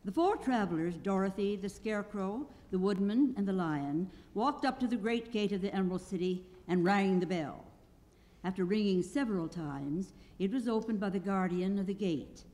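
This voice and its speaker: A woman's voice: mid-range voice, moderate pace, big-room sound. A woman reading a story aloud on stage at a literary event, narrating expressively. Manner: animated storytelling. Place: auditorium stage.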